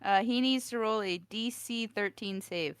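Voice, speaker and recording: A woman playing a tabletop game online, playful with quick comebacks. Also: medium pitch, clear, resonant tone, no room sound, clean studio sound. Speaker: player. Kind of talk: casual tabletop play.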